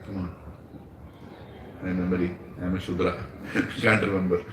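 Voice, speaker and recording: Lecturing man with an Indian English accent, lively storyteller who quizzes his listeners, echoey room, mic set far back. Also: low voice, normal speed, background noise. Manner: storytelling, asks the audience questions, laughs often. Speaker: spiritual teacher. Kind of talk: devotional satsang lecture. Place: room with a small gathering.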